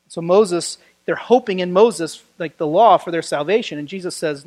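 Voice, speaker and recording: Animated conversational male preacher. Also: sits high, moderate pace. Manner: animated, conversational, acts out quoted voices. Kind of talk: sermon.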